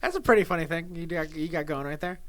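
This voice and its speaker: A man's voice: a little high, fast, a bit bright, no echo. Young man, from California, podcast host, rambling jokey talk, dry close sound. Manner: rambling, joking, laughs often. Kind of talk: casual podcast chat.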